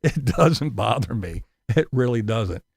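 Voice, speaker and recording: In this angry vlog, a male YouTuber swears constantly and ridicules his critics, mimicking them in a high, mocking voice. He speaks at a measured pace with lively intonation, a darkish, breathy tone and vocal fry, recorded cleanly in a studio with no echo.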